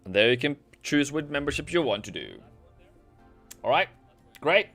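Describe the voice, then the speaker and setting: With a slightly high, very animated, fairly bright voice at a moderate pace, a forex livestream host casually comments on the market live. He muses aloud over his charts and reads from chat, recorded dry and close with faint background music.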